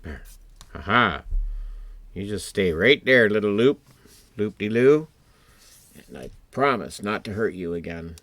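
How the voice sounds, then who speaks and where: A man's voice: low-pitched, animated, moderate pace, bright, forceful tone. A man building and painting a scale model kit, talking to himself in chatty, muttered asides as he works. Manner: chatty self-talk, muttered asides to his work.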